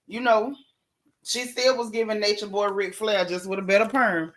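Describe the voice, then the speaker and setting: A middle-aged woman, host of a live gossip stream, chatting in a sassy, animated, colloquial way. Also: medium pitch, normal speed. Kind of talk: casual gossip chat, greeting live chatters.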